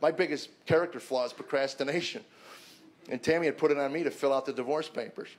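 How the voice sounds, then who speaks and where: A middle-aged comedian gives a personal testimony, earnestly telling his story to an audience in a conversational way and often restarting and repeating words. His voice is on the high side and fast, with background noise in the recording.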